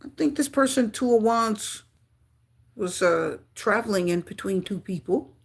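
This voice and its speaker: A woman giving a live tarot reading to her viewers, talking in an excitable way with frequent exclamations. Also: medium pitch, measured pace, creaky, slightly rough. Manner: excitable, gasping and exclaiming at cards. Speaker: tarot reader.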